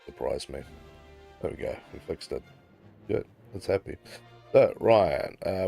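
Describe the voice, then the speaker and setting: A man's voice: rumbling low, gravelly, mellow. A man hosting a casual gaming livestream, chatting easily with his viewers and laughing often. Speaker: livestream host.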